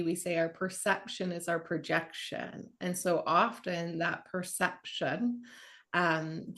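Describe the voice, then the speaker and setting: A woman hosts an interview, agreeing eagerly with her guest and moving into an example of her own. Her voice sits fairly low. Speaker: podcast host. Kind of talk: interview chat.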